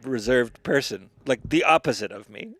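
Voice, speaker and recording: A man hosting a podcast in casual comedic chat, excitable, profane and rambling. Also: medium pitch, moderate pace, dry recording. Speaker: podcast host.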